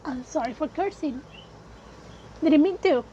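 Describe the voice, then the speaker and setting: A woman's voice: sits high, lively intonation, a little slow, mellow, dull audio, a little hiss or hum. A woman hosting a casual solo podcast, sounding sick and congested with a cold, chatty and emphatic, slipping into Spanish phrases now and then. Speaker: podcast host.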